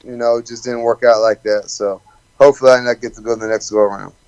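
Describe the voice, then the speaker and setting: A laid-back man speaks in a smooth, resonant voice at a middle pitch. He jokes easily and drops "man" into his sentences as a guest in a casual interview. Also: steady tone, quick pace, darkish tone, muffled recording. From Alabama, USA. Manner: laid-back, joking, says "man" often. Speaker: professional fighter, guest.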